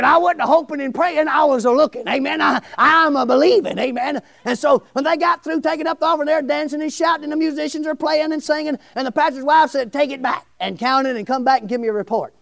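A middle-aged man, preaching a testimony sermon in a loud, exclamatory way, often shouting. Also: very high voice, fast talker, vocal fry, few pauses, dry recording. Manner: shouting, exclamatory, breaks into laughs.

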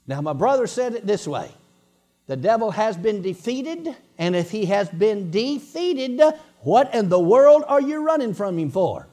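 A man's voice: high-pitched, very animated, moderate pace, darkish tone. A man preaching a sermon, emphatic and repeating his points, breaking into bursts of laughter.

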